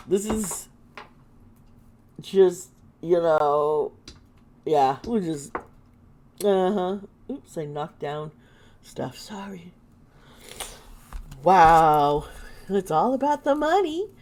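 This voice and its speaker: A woman with a sore throat doing a casual tarot reading, halting and exclaiming as she turns the cards. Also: fairly low pitch, a little mellow. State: sore throat, lozenge in mouth. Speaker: tarot reader and channel host.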